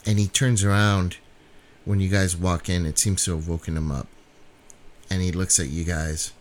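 A man's voice: sits low, flat delivery, normal speed. Man narrating as game master. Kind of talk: narrating a tabletop horror game.

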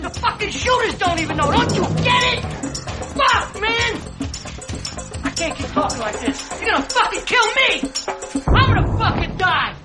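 A man's voice: very high-pitched, expressive, normal speed. An actor playing a jittery, paranoid male conspiracy theorist in a film scene, agitated and swearing. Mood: panicked. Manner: agitated, swearing, rising to panic. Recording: film clip with loud music underneath.

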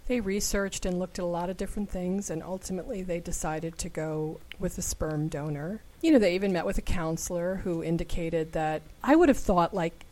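A woman's voice: fairly low pitch, steady tone, brisk, few pauses, dark tone. A woman co-hosting a casual discussion, relating stories at length with frequent restarts. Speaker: podcast co-host.

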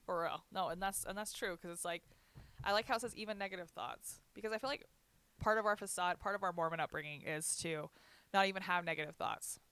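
A woman's voice: on the low side, fairly quick, a bit bright, smooth. A woman telling stories in a casual chat, laughing often and acting out what others said.

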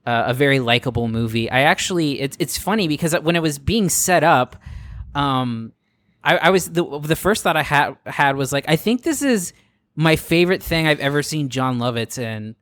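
A man co-hosts a podcast chat in a slightly higher voice. The sound is dry and close, and he halts and restarts while working out his thoughts. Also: lively intonation, fairly bright tone, no echo. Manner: hesitant, halting. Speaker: podcast co-host. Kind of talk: casual chat.

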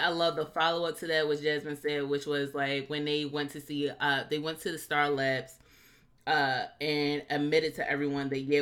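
A woman co-hosting a podcast in casual chat, recapping a TV episode and acting out quotes with big jumps in her voice. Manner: animated, acts out quotes with big pitch jumps. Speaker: podcast co-host.

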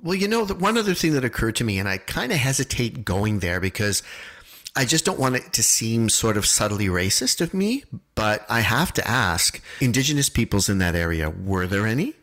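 Lively, wry man guessing at possibilities. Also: on the low side, moderate pace. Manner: playful, speculative, wry. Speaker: podcast co-host. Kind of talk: casual chat.

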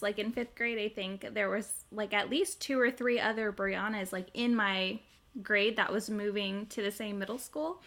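A woman's voice: mid-range voice, fairly even intonation, moderate pace, bright, forceful tone. A young woman telling stories in casual chat with friends, laughing as she talks. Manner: chatty, laughing storyteller.

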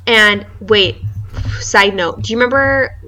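A woman co-hosting a podcast in casual chat, telling rambling, animated stories with frequent laughs. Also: medium pitch, a little slow, recorded from a distance, a little hiss or hum. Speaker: podcast co-host.

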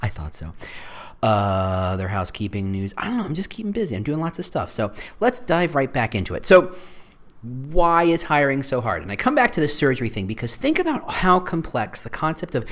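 A man's voice: mid-range voice, sing-song, brisk, a bit bright. A man hosting his own podcast, talking alone in a rambling way with self-deprecating, playful asides. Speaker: podcast host. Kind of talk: solo podcast monologue.

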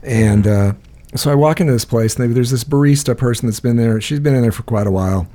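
A man's voice: medium pitch, a little fast, dark tone. A man co-hosting a podcast, telling a rambling story in casual chat, with many restarts and frequent laughter. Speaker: podcast co-host.

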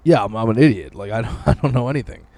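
A man's voice: medium pitch, expressive, very fast, darkish tone, no room sound. A man in his thirties joking crudely and mocking himself in casual podcast banter. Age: 30s. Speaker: podcast co-host.

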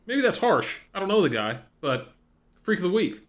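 A man's voice: on the high side, sing-song, fairly quick. A man co-hosting a casual football podcast, talking bluntly and jokily with lots of restarts and fillers. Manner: blunt, rambling, jokey, full of fillers and restarts. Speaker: podcast co-host.

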